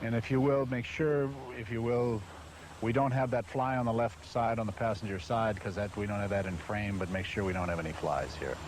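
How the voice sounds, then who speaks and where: A man's voice: fairly low pitch, steady tone, a little fast, background noise. A man presenting an industrial film, swearing constantly and exasperated as he keeps forgetting his lines on a hot studio set. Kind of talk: blown takes and outtakes on a film shoot. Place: hot studio set beside a car under bright lights.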